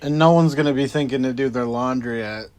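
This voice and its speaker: A man's voice: mid-range voice, brisk, a little mellow. Easygoing male podcast co-host. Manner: easygoing, asks short follow-up questions. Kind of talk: casual chat.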